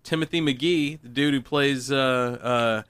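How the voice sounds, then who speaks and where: A man co-hosting a casual podcast chat, relaxed and joking. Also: mid-range voice, measured pace, clear, resonant tone, no echo. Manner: relaxed, reads sponsor list. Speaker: podcast co-host.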